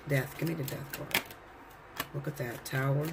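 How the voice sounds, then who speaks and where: A man's voice: medium pitch, steady tone, normal speed, gravelly, noisy background. A man giving a casual tarot reading to his viewers, blunt and profane, lecturing them. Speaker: tarot reader.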